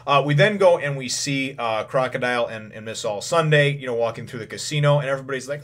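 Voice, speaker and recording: A man's voice: mid-range voice, fast, hardly any pauses. Guy doing a chill recap on his channel, medium voice, rambles a lot, you know-you know, little chuckles. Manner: chuckles now and then. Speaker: channel host reviewing comic chapters. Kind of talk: casual chat recap.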